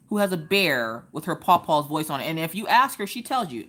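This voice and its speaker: A woman, hosting a casual craft livestream chat and telling stories in an animated way. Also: deep voice, moderate pace. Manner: animated storytelling, acts out quoted voices.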